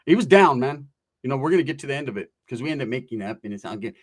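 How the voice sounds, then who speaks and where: Animated, profane male storyteller. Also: medium pitch, racing. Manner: animated, profane, acts out dialogue. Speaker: online content creator. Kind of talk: casual storytelling.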